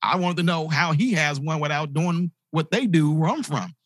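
A motivational speaker who grew up in inner-city projects tells a personal story with animated energy, acting out the voices of the people in it. His pitch is fairly high and his pace moderate, captured in clean studio sound with no room sound.

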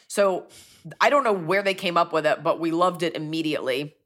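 Talking a little fast in a lowish, fairly bright voice, this comedian host moves between ad reads and casual podcast chat. She pokes fun at herself as she goes.

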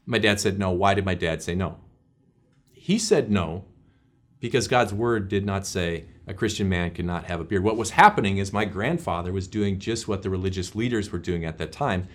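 A man's voice: sits low, moderate pace. A male pastor teaching a short devotional in an earnest, conversational way, with prayers.

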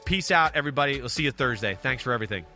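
A man co-hosting a sports podcast in casual, animated chat, swearing freely. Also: mid-range voice, rapid-fire, over loud music. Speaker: podcast co-host.

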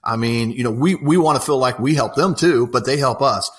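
A man's voice: mid-range voice, fairly quick. A man, an apprenticeship coordinator telling stories in a casual, enthusiastic interview, rambling with many fillers.

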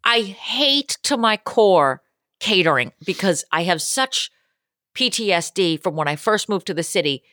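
A woman comedian co-hosting a podcast, chatting casually, animated and quick to laugh. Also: mid-range voice, no room sound, clean studio sound. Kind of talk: casual chat.

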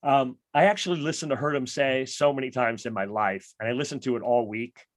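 A man's voice: medium pitch, fairly quick, dry recording. Dry-voiced man telling music stories on a podcast. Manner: enthusiastic, animated storytelling with quoted asides. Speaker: podcast host. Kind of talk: casual music chat.

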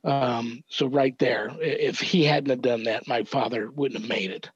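An older man, a reverend, earnestly recounting a family story as a podcast guest, measured and thoughtful with small restarts. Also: medium pitch, fairly even intonation, husky, dry recording. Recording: dull, dry lo-fi audio.

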